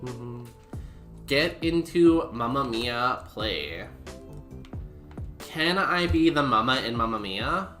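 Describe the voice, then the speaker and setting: A man's voice: mid-range voice, animated, slow pace, long pauses, sharp tone. A man streaming a game, chatting casually with goofy, self-mocking humor. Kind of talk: casual gameplay commentary. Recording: roomy echo with music behind.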